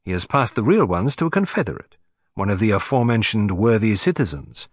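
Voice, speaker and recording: A man's voice: fairly low pitch, sing-song, a little fast, dry recording. Man putting on a fussy, vain Belgian detective voice. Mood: pleased. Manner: precise, self-satisfied, drops French phrases. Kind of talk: audiobook character reading.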